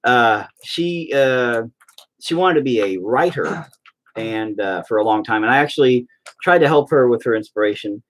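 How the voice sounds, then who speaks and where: A man's voice: medium pitch, lively intonation, moderate pace. A middle-aged man hosting a painting video, chatting casually and ranting with heavy profanity in exasperation. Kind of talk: casual chat while painting.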